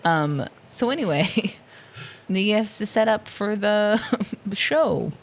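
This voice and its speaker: A woman's voice: mid-range voice, expressive, takes it slowly. A woman co-hosting a casual film podcast, recapping scenes with lots of laughter and ums, quoting lines in mock voices. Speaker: podcast co-host.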